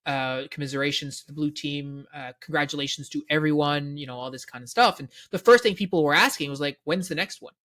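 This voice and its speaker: A man with a Canadian accent, co-hosting a casual podcast and telling stories in a rambling, animated way full of fillers. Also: fairly high pitch, quick pace, few pauses. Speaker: co-host, game organizer.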